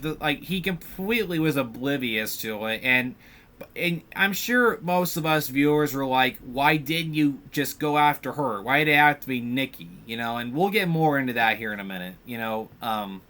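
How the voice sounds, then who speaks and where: A man hosting a podcast, retelling a film's plot in a casual, rambling way with lots of fillers. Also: on the high side. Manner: rambling, filler-heavy storytelling, animated retelling of scenes. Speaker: podcast host. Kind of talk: casual film recap.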